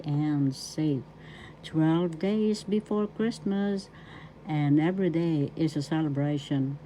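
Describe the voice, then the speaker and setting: A middle-aged Filipino woman teaches a spoken language lesson in a low, mellow voice, repeating each word and breaking it down syllable by syllable. The audio is poor, with slight background noise.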